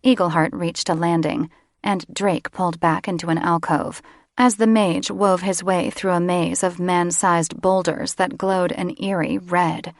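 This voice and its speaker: A woman audiobook narrator giving steady, scripted fantasy narration close to the microphone. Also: lowish voice, unhurried, no echo. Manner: steady storytelling. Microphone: close studio microphone.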